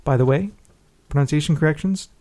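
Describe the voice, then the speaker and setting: Guy cohosting a podcast, talks quick, reads out emails, casual. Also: on the high side, dark tone. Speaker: podcast co-host.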